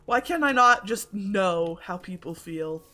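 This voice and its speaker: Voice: mid-range voice, expressive, measured pace, pushed and bright. A game streamer in casual chat while playing, rambling with lots of filler words and a self-deprecating tone, on a desk mic at home. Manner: rambling, many filler likes.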